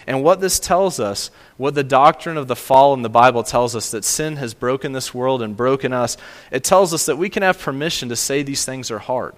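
An earnest male pastor delivers a sermon with emphatic, repeated phrases. His mid-pitched voice carries a long hall reverb. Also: normal speed. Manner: earnest, emphatic preaching with repetition.

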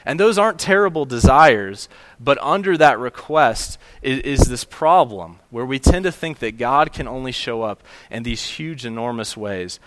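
A man's voice: mid-range voice, expressive, moderate pace, a bit bright, no room sound. A male pastor preaching a sermon, telling a story in a conversational way with small restarts.

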